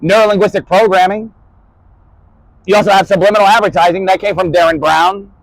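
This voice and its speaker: High-ish guy rambling spoken word, cussing, topic jumping, dry close mic. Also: fairly even intonation, fast talker, vocal fry, no echo, rough recording. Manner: rambling, jumping topics, swearing, shifting loudness.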